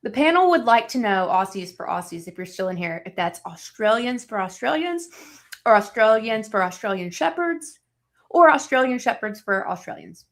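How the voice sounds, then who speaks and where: A woman's voice: fairly high pitch, lively intonation, normal speed. A woman guest on a livestream, wry and teasing in casual chat.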